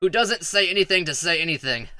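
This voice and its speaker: A man with a high, strikingly bright and tense voice rambles through casual gameplay commentary, stumbling and repeating words as he talks to his viewers. The sound is dry and close, with faint music underneath. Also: moderate pace, no echo. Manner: rambling, stuttering, chatty with viewers. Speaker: streamer.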